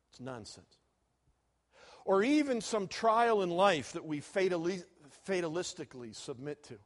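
Man preaching a sermon, fairly high voice, very lively intonation, animated delivery. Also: unhurried. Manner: animated, swings loud and soft, chuckles at own jokes. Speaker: preacher teaching students.

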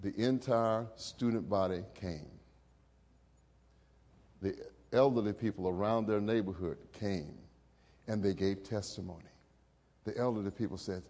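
A middle-aged male pastor preaching a sermon. He tells personal stories emotively, rising high and loud, then dropping low and soft. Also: a little slow.

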